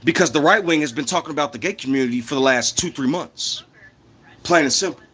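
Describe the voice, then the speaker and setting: Heated high-voiced man ranting. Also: fast, fairly bright tone, a little hiss or hum. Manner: heated, profane, repetitive. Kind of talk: casual monologue rant.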